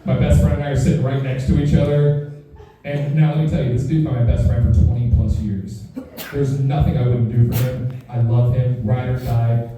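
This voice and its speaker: A young man does stand-up comedy live at a show in a house, telling a profane story and acting out its voices with animation. His voice is mid-range at a moderate pace, with a little hiss or hum, and the room is echoey with the mic far off.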